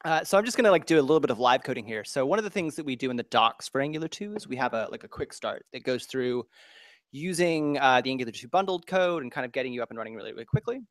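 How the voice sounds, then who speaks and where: A man of middle pitch talks fast while live coding in front of an audience, explaining each step loosely with lots of "like" and "right?". The sound is dry and close, with almost no room echo. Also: lively intonation. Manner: rapid, loose, filler-heavy explaining. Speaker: speaker doing live coding.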